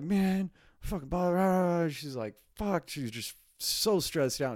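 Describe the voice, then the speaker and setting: Guy rambling on his own podcast, cusses a lot, laughs a bunch, clean smooth voice. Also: medium pitch, a little mellow, no room sound, clean studio sound. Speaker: podcast host. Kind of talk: casual solo monologue. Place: home recording space.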